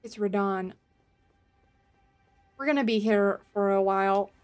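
A woman streaming a video game live, reacting with excitable, panicky commentary, laughing and swearing often. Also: mid-range voice, measured pace.

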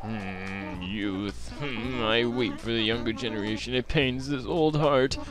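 A young gamer voicing an old male turtle mayor who drawls slowly and talks like a folksy grandpa. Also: mid-range voice, music in the background, lightly acted. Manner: drawls slowly, calls the listener whippersnapper.

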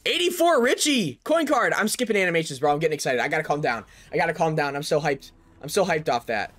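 A young man narrating a video game pack opening, excited and chatty, calling out each card and shouting over big pulls. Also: a little high, fast, no room sound. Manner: hyped, shouts over big pulls, says "bro" a lot. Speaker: gaming YouTuber.

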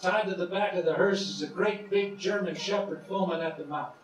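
Man, middle-aged, high voice, stand-up comedy, distant echoey room. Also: brisk, a little hiss or hum. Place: cruise ship show lounge.

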